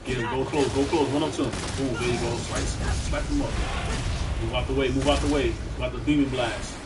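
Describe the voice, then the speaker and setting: A male stream host cheering on and coaching a player with rapid, repetitive instructions. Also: mid-range voice, fairly even intonation, loud music behind the voice. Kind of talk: hyped game coaching commentary. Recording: distant mic with loud noise.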